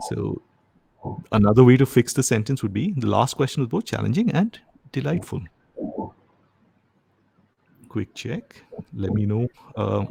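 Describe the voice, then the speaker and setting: A man's voice: lowish voice, vocal fry, dark tone, husky. A man teaching a live online grammar lesson, often stopping to ask whether his students are following. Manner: frequent comprehension checks, asks "right?" often. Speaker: test-prep instructor.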